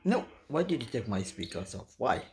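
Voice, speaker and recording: A man's voice: mid-range voice, very animated, moderate pace, darkish tone, faint music behind. A man chatting to his pet budgie in simple, broken English, doting and coaxing. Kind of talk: casual home video chat with a pet.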